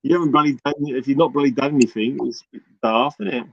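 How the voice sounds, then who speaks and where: A man's voice: medium pitch, fast, gravelly, no room sound, dull audio. A man chatting casually, mostly giving brief replies as he listens. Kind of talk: casual chat.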